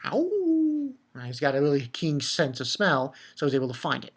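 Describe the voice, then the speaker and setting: A man giving a casual anime episode recap, excitable and profane, stumbling over repeated words. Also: on the high side, moderate pace, breathy edge. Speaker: anime reviewer.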